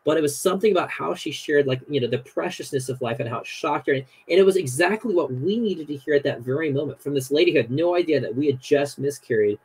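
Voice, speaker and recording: A man who is a podcast guest tells stories in a casual, animated way, using many "you know" fillers. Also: fairly high pitch, quick pace, hardly any pauses, husky, poor audio. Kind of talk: casual storytelling chat.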